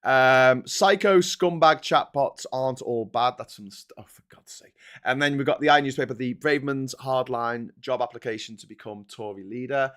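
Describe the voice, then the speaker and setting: A man's voice: mid-range voice, fairly even intonation, brisk, a bit bright, clean tone. Sarcastic man reviewing headlines. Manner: sarcastic and exasperated, breaking into laughter. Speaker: host. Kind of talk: casual commentary on newspaper front pages.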